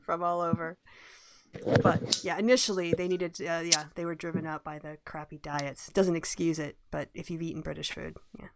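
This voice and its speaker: A woman hosting a casual online hangout, chatty and quick to laugh. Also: sits low, very noisy. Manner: laughs often, chatty, animated. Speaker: host. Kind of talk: casual chat.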